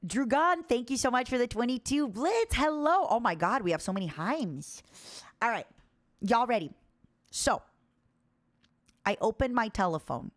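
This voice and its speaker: A woman streamer talks casually to her chat from a room, in a middle-pitched voice. Her delivery is bouncy and springs upward in pitch whenever she greets viewers. The sound is dry and close to the mic. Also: no echo. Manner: chatty, bouncy, jumps in pitch when reading chat. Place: indoor room.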